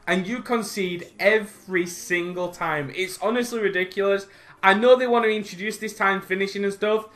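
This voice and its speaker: A young man giving live commentary over his own gameplay from home, swinging from excited cheering to frustrated outbursts. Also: sits high. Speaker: gaming youtuber. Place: home room by a window.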